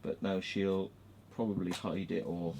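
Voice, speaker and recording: A middle-aged British man hosting a casual livestream, telling a story in a sweary, excitable way and acting out the voices of the people in it. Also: sits low, a little slow, a little hiss or hum. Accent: British English. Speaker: livestream host. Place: home room with fan and dog.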